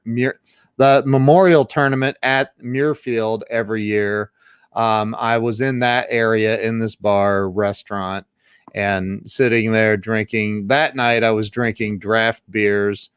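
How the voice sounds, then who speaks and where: A middle-aged man, a guest on an interview show, telling a personal story casually, rambling with many restarts and turning animated when he quotes others. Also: lowish voice, smooth, dry recording, studio quality. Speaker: guest, social media marketing coach.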